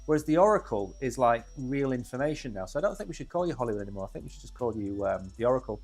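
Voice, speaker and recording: A man's voice: medium pitch, lively intonation, racing, a little mellow, slightly rough. A man co-hosting a casual crypto stream, chatty and joking. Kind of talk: casual chat.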